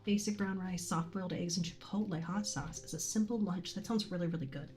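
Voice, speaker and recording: A soft-spoken woman streaming a game from a room at home, often dropping to a whisper as she reads game text, a little congested from a cold, on a condenser desk mic. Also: lowish voice, brisk, faint music behind. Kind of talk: let's play commentary and reading game text.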